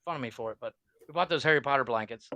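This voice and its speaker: A man's voice: medium pitch, rapid-fire, sharp tone, lo-fi sound, slight background noise. A young man from Ohio, co-hosting a podcast in casual, profane, joking banter and laughing often. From Ohio, USA. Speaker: podcast co-host.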